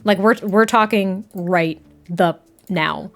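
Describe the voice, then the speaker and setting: A woman voicing a jealous, insistent young man in improvised game dialogue, a bit lower and slower than her own voice.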